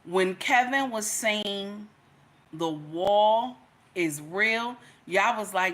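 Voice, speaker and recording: Middle-aged woman livestream host, bright voice, emphatic and repetitive. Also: medium pitch, lively intonation, extremely slow. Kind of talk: casual livestream commentary.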